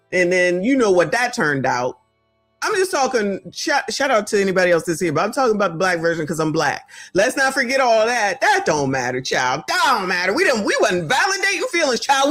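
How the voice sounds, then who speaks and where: A woman in her forties or fifties from the United States, hosting reaction commentary and talking to viewers in a sassy, blunt way. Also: medium pitch. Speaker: commentary channel host.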